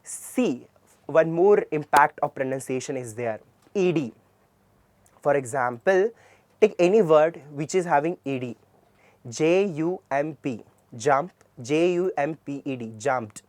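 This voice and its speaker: This Indian-accented male teacher gives a classroom lecture on English pronunciation, spelling each word letter by letter before repeating it emphatically. He speaks unhurriedly in a slightly high, darkish voice with lively intonation, recorded dry.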